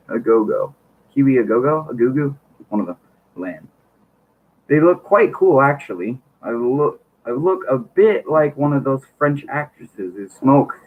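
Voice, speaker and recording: A man reading a book aloud on his channel, stumbling over words and breaking off for wry joking asides. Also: mid-range voice. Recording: tinny lo-fi mic, faint hiss.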